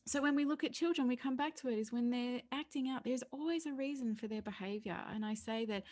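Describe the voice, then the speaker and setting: A woman's voice: on the high side, fast, darkish tone. A middle-aged woman, a parenting educator, speaking as a podcast guest in an earnest, explanatory way. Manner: earnest and explanatory, slipping into playful voices for children and parents. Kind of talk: podcast interview conversation.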